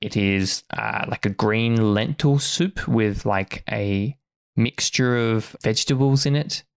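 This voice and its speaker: A man's voice: lowish voice, takes it slowly, creaky, smooth. A man narrating as game master, casual, with lots of fillers and swearing.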